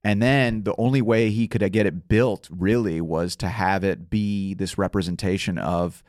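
A man, a tour guide guest on a casual podcast, telling a story quickly with many restarts and asides. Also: deep voice, fairly even intonation, darkish tone, dry recording, clean studio sound.

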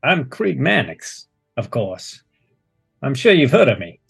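A brash, wisecracking space operative, played by a man in an ordinary mid-pitched voice. He is confident and sarcastic. Faint music runs underneath. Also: big pitch swings, unhurried, gravelly, slightly rough, dry recording, studio quality, heavily acted.

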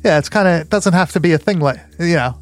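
A man's voice: on the high side, fast. Laid-back swearing podcast host, man. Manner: laid-back, swears freely, many fillers. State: hiccups. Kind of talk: casual chat.

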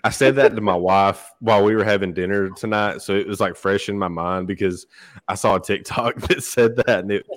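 Appalachian georgia guy, deep-ish voice, dry close mic, folksy opinions. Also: fairly quick, no room sound. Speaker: podcast guest. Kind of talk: casual studio chat. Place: podcast studio.

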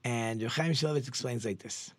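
Male rabbi, mid-pitched, dry close sound, animated storytelling Torah lesson with conversational restarts. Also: fairly quick, no room sound.

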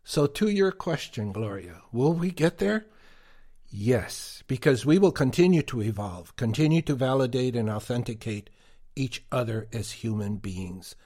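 A man co-hosting a podcast, giving prepared commentary in a deliberate, emphatic way. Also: mid-range voice, lively intonation, warm tone. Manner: slow, deliberate, emphatic delivery. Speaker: podcast co-host.

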